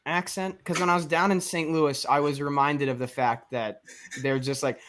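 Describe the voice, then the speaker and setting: A man co-hosting a casual watch-party chat, joking and bantering quickly. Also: on the high side, steady tone, fairly bright tone. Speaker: co-host.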